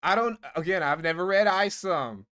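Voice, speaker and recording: A man's voice: sits high, normal speed, sharp tone. Profane ranting streamer man. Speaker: streamer reading donations. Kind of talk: casual livestream commentary.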